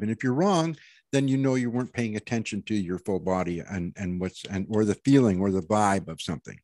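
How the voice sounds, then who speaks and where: A man's voice: lowish voice, a little fast, darkish tone, no room sound. Earnest, rambling man with a dry voice. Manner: rambling, many restarts, earnest. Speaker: intuitive reader. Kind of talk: casual panel chat, giving a reading.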